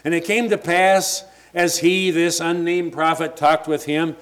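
A man's voice: a little high, flat delivery, a little slow, fairly bright tone. A man preaching a sermon, retelling scripture in everyday words and stumbling over restarts as he thinks aloud.

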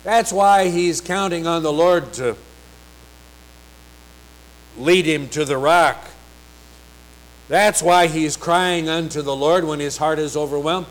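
A man preaching a sermon, reading scripture slowly and emphatically, with rising, pleading passages. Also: fairly high pitch, poor audio.

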